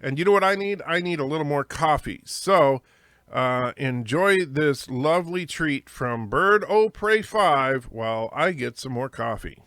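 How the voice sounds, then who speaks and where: A man's voice: a little high, lively intonation, a little slow, fairly bright tone, no room sound, studio quality. A man hosting a livestream, reading chat and giving chatty, opinionated commentary. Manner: opinionated, chatty, with fillers and restarts. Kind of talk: casual commentary.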